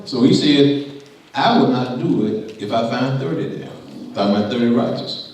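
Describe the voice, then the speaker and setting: A man preaching a sermon, reading scripture and paraphrasing it in a lively, conversational way. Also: mid-range voice, normal speed, slight background noise. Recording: echoey room from far off.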